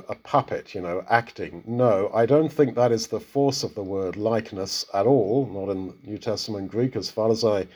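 A man's voice: mid-range voice, a little mellow, husky. A man giving a conversational Bible exposition, talking through a passage and putting rhetorical questions to his listeners. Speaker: Bible teacher.

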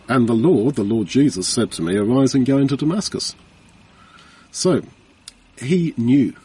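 A man's voice: medium pitch, a little mellow, slightly rough. A man preaching a Bible teaching sermon in an earnest, conversational way, repeating phrases for emphasis. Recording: voice from far off the mic.

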